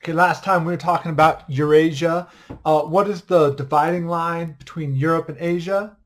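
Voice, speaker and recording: A man's voice: a little high, steady tone, normal speed. A man teaching an online history class in a casual, upbeat way, joking and quizzing his students as he goes.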